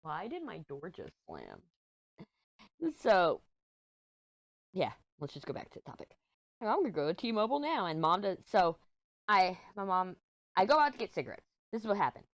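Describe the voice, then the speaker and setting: A woman's voice: medium pitch, lively intonation, a little fast, pauses often, no echo. Giggly, rambling middle-aged woman. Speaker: diamond painting vlogger. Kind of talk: casual chat while crafting.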